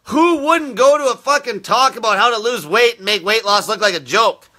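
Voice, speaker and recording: A man's voice: extremely high pitch, moderate pace, pushed and bright. A man hosting a live show, ranting aggressively with constant swearing and insults aimed at his viewers. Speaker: fasting diet coach hosting a live show. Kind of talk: profane live-stream rant.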